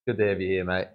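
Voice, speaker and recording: A man's voice: deep voice, clear, resonant tone, lo-fi sound. A young man, a tattoo artist, chatting casually on a live stream while he works, laughing often and thanking viewers. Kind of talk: casual livestream chat while working.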